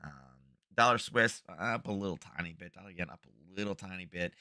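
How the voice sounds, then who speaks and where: A middle-aged man with a deep yet bright, cutting voice talks through the day's market moves in loose, rambling live commentary. He fills gaps with ums and restarts his sentences as he goes. The sound is close and completely dry, recorded at home. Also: normal speed, dry recording. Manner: rambling, chatty, many fillers and restarts. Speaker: trading show host.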